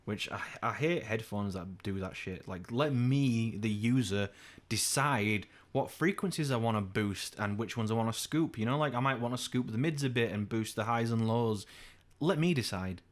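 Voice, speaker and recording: A young man from England co-hosting a podcast, telling rambling anecdotes with plenty of swearing. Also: moderate pace. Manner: swearing, rambling anecdotes, acts out quotes in a high voice. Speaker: podcast co-host. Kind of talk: casual chat.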